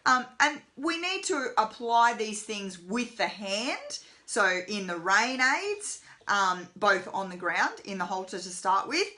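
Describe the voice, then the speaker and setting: A woman's voice: medium pitch, pushed and bright. A woman horsemanship trainer giving a casual live lesson, chatty with lots of fillers. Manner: chatty, many fillers, voices the horse's thoughts.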